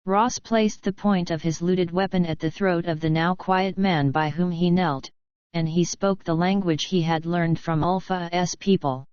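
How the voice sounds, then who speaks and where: Smooth low-voiced woman narrating a book. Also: steady tone, unhurried, a little mellow, no echo. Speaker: audiobook narrator. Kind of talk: scripted audiobook narration. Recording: dry, slightly dull studio recording.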